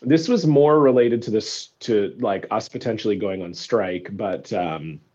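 A man's voice: on the low side, a little slow, darkish tone, highs cut off. A man guest on a podcast, telling a story in a rambling, sarcastic way with many restarts. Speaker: comedian and teacher, podcast guest. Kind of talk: casual podcast chat.

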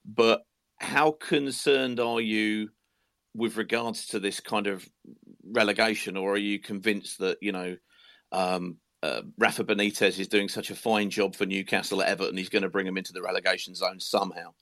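A man's voice: lowish voice, steady tone, normal speed, fairly bright tone, dry recording, clean studio sound. A man co-hosting a casual football phone-in, jokey and friendly, asking rambling questions.

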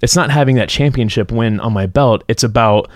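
A man co-hosting a podcast, sharing his own story in relaxed, chatty talk. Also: medium pitch, fairly quick, no echo, studio quality. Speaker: podcast co-host. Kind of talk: casual podcast chat.

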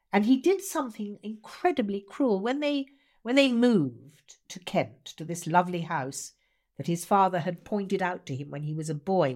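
A woman actor and writer, a guest in the conversation, tells stories with theatrical emphasis. Her voice sits rather low and swoops expressively, and she takes her time over each phrase. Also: darkish tone. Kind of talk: animated conversation.

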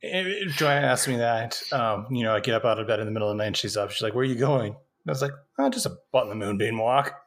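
A man's voice: mid-range voice, animated, fast, hardly any pauses, a bit bright. A man co-hosting a podcast, chiming in with wry quips during a casual movie chat. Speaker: podcast co-host.

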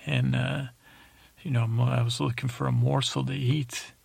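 A man voicing a touchy female wildcat with giant teeth in a meandering bedtime story, speaking haltingly. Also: mid-range voice, little pitch movement, vocal fry, a little mellow, husky, dry recording. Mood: grumbling. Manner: halting, wandering speech. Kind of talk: sleep podcast storytelling.

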